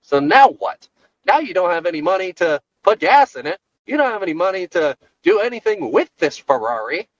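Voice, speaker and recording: Animated man ranting in his car. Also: high-pitched, fairly quick, no echo, highs cut off. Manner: animated, jokey, rhetorical. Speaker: podcast co-host. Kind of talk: solo rant recorded while driving.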